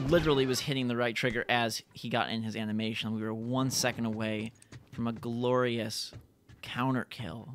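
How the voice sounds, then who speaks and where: A young man giving chatty, excitable live commentary while playing a multiplayer game. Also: mid-range voice, normal speed, gravelly, slight background noise. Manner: excitable, chatty, reacts loudly to the action. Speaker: gaming YouTuber.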